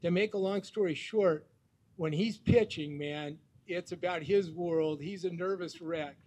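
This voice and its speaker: Middle-aged man, high voice, rambling tribute speech full of ums and teammate stories. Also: a little slow, darkish tone. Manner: rambling, full of fillers, jokey anecdotes.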